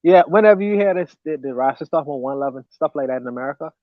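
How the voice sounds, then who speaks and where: A man co-hosting a podcast livestream in quick, casual chat. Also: on the high side, lively intonation, dry recording. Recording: dull lo-fi audio.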